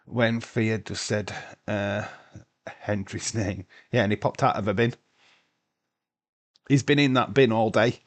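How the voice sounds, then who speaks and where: A man hosting a casual live watch-along stream, chatting loosely, answering viewers' comments and swearing now and then. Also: fairly low pitch. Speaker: livestream host.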